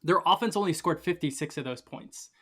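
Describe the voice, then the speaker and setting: Teasing podcast guy, bright higher voice. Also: a little fast, husky. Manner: teasing, ribbing the others. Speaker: podcast co-host. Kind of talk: casual sports chat.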